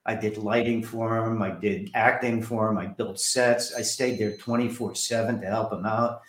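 The guest here, an author and film director from New Jersey, shares life stories and brings the quoted characters to life with lively impressions. His voice sits on the low side at a moderate pace, with noticeable reverb.

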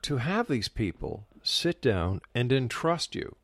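A man hosting a long-running radio talk show, asking slow, halting questions. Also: medium pitch, very animated, no echo, clean studio sound.

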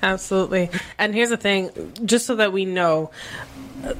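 A woman from Canada, a guest author and property manager, talking candidly on a panel with slang and animated storytelling. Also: mid-range voice, normal speed, slight background noise. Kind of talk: casual panel chat.

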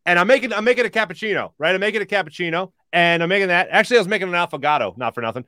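A man hosting a live post-game sports talk show, telling stories in an animated way with many fillers. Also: high voice, rapid-fire, dry recording, studio quality. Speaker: host.

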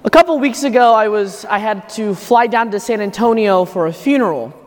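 A man's voice: high-pitched, a little fast, a little hiss or hum. A priest speaks from the front of a church, his homily loose and conversational as he tells a personal story. Each sentence trails off into a long, echoing reverb from the hall around him. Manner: conversational storytelling, thinking aloud. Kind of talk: homily at Mass.

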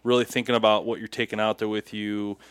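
A man's voice: lowish voice, little pitch movement, fast talker, fairly bright tone, a little hiss or hum. A man co-hosting a podcast, telling funny stories in casual chat and laughing through them. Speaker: podcast co-host.

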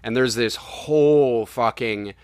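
A man's voice: medium pitch, slow pace, clean tone, no room sound, studio quality. A young man, the podcast host, reviewing a film in casual, rambling chat and swearing freely. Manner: animated, profane, rambling.

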